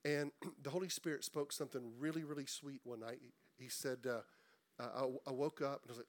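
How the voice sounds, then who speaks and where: A middle-aged man preaching a sermon in a conversational way, repeating words and slowing down for emphasis. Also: mid-range voice, steady tone. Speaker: pastor.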